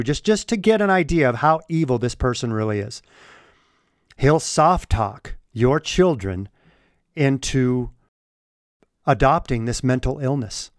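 A man's voice: mid-range voice, dry recording, clean studio sound. A man delivering opinion commentary, stressing and repeating key words as he reads from a report.

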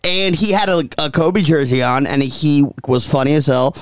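A man co-hosting a podcast, telling an excited story in casual banter and laughing a lot. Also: a little high, moderate pace, clear, resonant tone, dry recording, studio quality. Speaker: podcast co-host.

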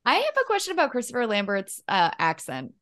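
A woman's voice: on the high side, huge pitch swings, fast, a bit bright. A woman co-hosting a casual movie podcast, asking curious questions and laughing often. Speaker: podcast co-host.

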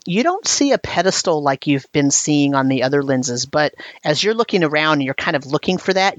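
A woman's voice: low-pitched, no room sound. A woman narrating a tabletop role-playing game as game master, describing scenes at length and laughing often.

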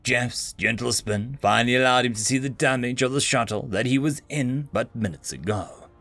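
A man's voice: mid-range voice, normal speed, gravelly, sharp tone, no echo, faint music behind. A man narrating a sci-fi story in a dry, wry storytelling manner.

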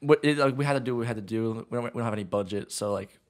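A young man talking casually about a film project he worked on. His voice sits at an ordinary middle pitch, and he rambles from one thought to the next, leaning on "like" again and again. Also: rapid-fire. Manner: rambling, lots of "like" and "long story short". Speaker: filmmaker guest. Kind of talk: casual chat.

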